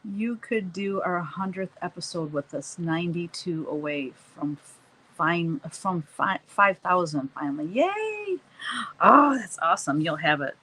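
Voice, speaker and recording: A woman's voice: on the low side, a little slow, fairly bright tone, low-quality recording. A middle-aged woman hosting a live stream, chatting casually and laughing often while she paints and reads the chat.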